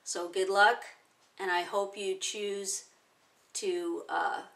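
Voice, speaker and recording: A woman in her forties, a self-help teacher, calmly walking through a technique step by step with everyday examples. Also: medium pitch, takes it slowly, vocal fry, far from the mic. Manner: calm, explaining step by step with plain examples. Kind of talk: instructional talk to camera.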